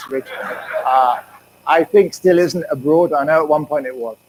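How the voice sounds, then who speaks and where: A man, an economics professor, giving a public lecture in a relaxed, joking way. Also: fairly high pitch, low-quality recording. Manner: quick, chatty, and jokey, with many fillers. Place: university lecture hall.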